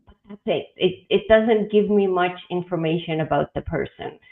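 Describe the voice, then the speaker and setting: Woman host on a tinny, echoey call. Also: fairly low pitch. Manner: halting, with many fillers and restarts. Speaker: host, headhunter. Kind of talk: casual video-call chat. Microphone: video call.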